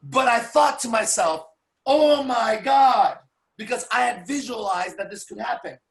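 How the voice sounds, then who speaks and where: A man telling profane, animated stories to a small audience as a seminar speaker. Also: sits high, normal speed, vocal fry, roomy sound. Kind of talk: storytelling to a live audience.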